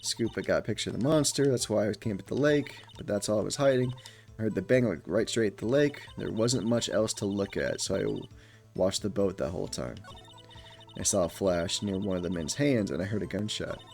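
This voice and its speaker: A man reading the lines of a chatty young female photographer witness, fairly low for the part. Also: a little fast, gravelly, darkish tone, soft background music. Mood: rambling. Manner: chatty, rambling, folksy.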